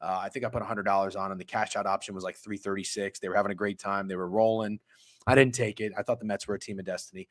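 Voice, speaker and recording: A man hosting a live sports betting stream, ranting with heavy swearing and swinging from muttered asides to loud outbursts. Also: on the low side, steady tone, quick pace, no echo. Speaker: sports betting show host.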